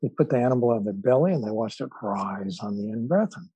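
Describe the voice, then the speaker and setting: A man who is a psychologist and author, a guest on an interview podcast, telling stories thoughtfully with frequent filler pauses. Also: on the low side, expressive, warm tone, husky, dry recording, rough recording. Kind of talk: relaxed storytelling in conversation.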